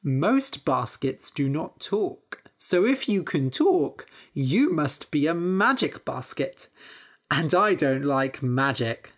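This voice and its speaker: A woman reading a storybook aloud, voicing a sly young male trickster with a smooth, scheming manner. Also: sits low, expressive, slow pace, full character voice.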